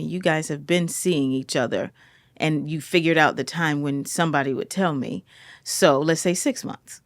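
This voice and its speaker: A woman's voice: low voice, no echo, clean studio sound. A woman talking as the expert guest on a podcast, asking probing questions and affirming the answers. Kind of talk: casual podcast chat.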